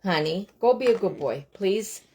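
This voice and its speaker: With a crowd audible behind her, a chatty woman hosts a home craft stream in a medium-pitched, expressive voice at normal speed. She talks straight to viewers in casual chat while crafting, breaking off to tell her children what to do.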